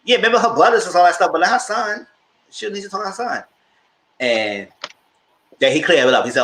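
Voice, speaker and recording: Guy hosting a tv recap, super expressive, slips into silly squeaky voices, roomy echo. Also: a little fast, a little hiss or hum. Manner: acts out quotes in exaggerated voices, squeals high. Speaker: host of a TV review show. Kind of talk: animated casual recap.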